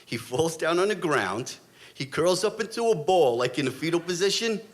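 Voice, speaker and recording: Lively, animated storytelling man. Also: fairly high pitch, moderate pace. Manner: animated, dramatic, blunt street talk. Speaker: storyteller, former police officer. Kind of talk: live stage storytelling.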